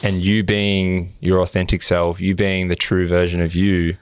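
A man with a deep, flat, smooth voice recorded dry and close. He co-hosts a podcast and speaks earnestly and encouragingly. His delivery is steady and motivational. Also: measured pace, dry recording. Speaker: podcast co-host. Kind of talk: casual podcast chat.

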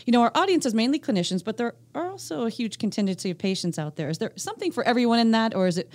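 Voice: medium pitch, lively intonation, racing. A podcast co-host who poses questions to the guest and reacts often with short affirmations. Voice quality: warm reactive listener, frequent "wow" and laughs. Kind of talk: podcast interview hosting.

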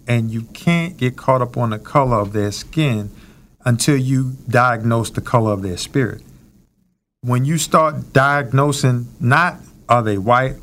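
A man hosting a casual discussion, earnest and preacherly, building his points with rhetorical questions. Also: mid-range voice.

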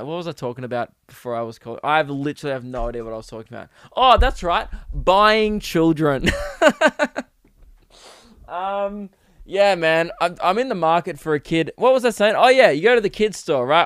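Aussie guy ranting on his podcast, kinda high voice, smooth, dry close sound. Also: no echo. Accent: Australian. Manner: rambling, crude, jokey, slips into mock voices. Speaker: podcast host. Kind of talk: comedic solo podcast rant.

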